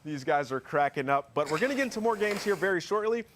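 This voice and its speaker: A man narrating gameplay highlights as an esports caster, in an energetic, hype-building manner. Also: fast talker. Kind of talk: highlight play-by-play commentary. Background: music.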